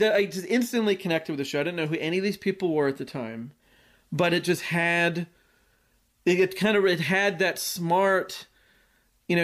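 Podcast co-host, man in his forties, slightly high voice, rambling and casual. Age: 40s. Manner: rambling, full of likes and restarts, laughs easily. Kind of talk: casual chat.

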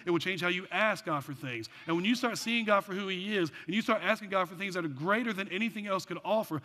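A man preaching a sermon as pastor, animated with joking asides, then dropping into quiet earnest passages. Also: a little high. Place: church sanctuary. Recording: long church hall reverb.

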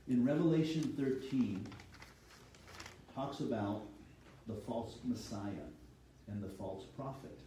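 A man's voice: mid-range voice, lively intonation, takes it slowly, distant mic, background noise. A man preaching a sermon as a pastor, teaching steadily and reading scripture aloud. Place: church sanctuary. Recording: echoey hall, voice from off-mic.

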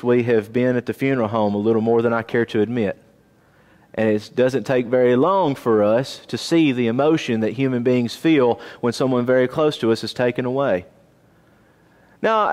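A man teaching a Bible class in a church auditorium, lively and questioning his listeners. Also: mid-range voice. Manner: animated, asks the class questions. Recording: long reverb of a church auditorium.

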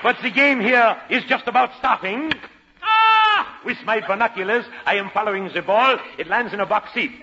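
A man's voice: sits high, animated, normal speed, in a large hall, pitched above the performer's own voice. A man voicing a leering, flirtatious French sports announcer with a mock French accent in a 1940s radio comedy. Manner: clowning, flirtatious, breaking character. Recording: noisy dull old radio broadcast.

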